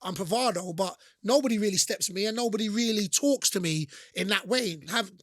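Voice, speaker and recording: Brief: high, bright-voiced man, podcast guest, animated storyteller, dry sound. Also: brisk, no echo. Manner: acts out quoted lines, laughs while telling stories. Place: podcast studio.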